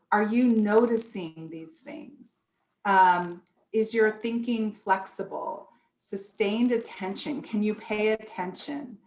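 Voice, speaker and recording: Woman workshop presenter, unhurried, explanatory delivery, roomy echo. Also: medium pitch. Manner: explanatory, acts out example thoughts. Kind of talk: online workshop talk. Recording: echoey room.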